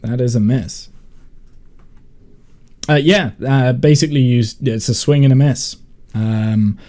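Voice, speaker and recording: A man narrating as game master in a relaxed, hesitant way with many fillers. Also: medium pitch.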